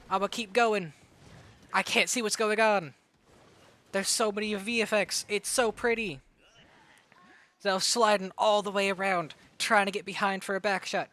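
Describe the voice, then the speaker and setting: A man casting a live game tournament, hyper and excitable, rattling off play-by-play and getting out of breath. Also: high-pitched. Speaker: tournament caster and streamer. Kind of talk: live esports commentary.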